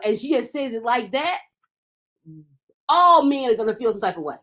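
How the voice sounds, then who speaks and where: A woman's voice: on the high side, animated, moderate pace, a bit bright. A woman co-hosting a casual panel talk show, making her points emphatically and cutting in with "wait, wait".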